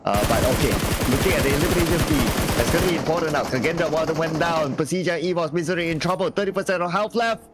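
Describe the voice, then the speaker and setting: A man with a Southeast Asian accent calls an esports shooter match in a raised, high voice, firing off eliminations one after another. Gunfire and game sounds are clearly audible behind him. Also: heavy background noise. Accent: Southeast Asian English. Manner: rapid-fire calling of eliminations. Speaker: esports caster. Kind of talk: live esports play-by-play commentary.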